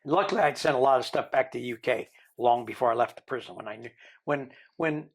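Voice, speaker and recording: An older man, a podcast guest, tells his own story in a lively way and acts out the people he quotes. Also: mid-range voice, fast talker, slightly rough. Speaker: interview guest.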